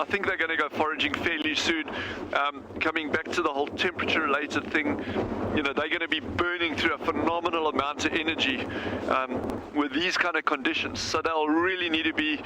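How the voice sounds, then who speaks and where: A man with a South African accent giving chatty, excitable live commentary as a safari field guide outdoors, often restarting his sentences. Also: on the high side. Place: outdoors on a windy game drive. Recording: loud wind noise on outdoor mic.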